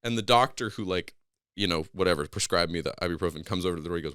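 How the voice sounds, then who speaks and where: A man with a low-pitched, clean voice and no room sound talks rapid-fire on a podcast. He's casually telling a long story, animatedly acting out the people in it with raised voices.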